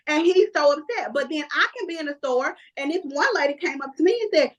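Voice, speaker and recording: A woman's voice: sits high, a little fast, few pauses. A woman, a reality TV guest telling stories in casual chat, acting out other people's lines as she goes. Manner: lively storyteller, acts out other people's lines. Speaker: reality TV cast member, guest. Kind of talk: casual interview chat, storytelling.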